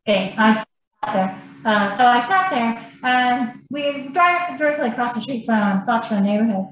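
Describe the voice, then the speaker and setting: A woman on a podcast telling a story in an animated, blunt manner and swearing freely. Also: on the high side, measured pace. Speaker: podcast guest. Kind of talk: casual storytelling. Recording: very echoey room, faint noise.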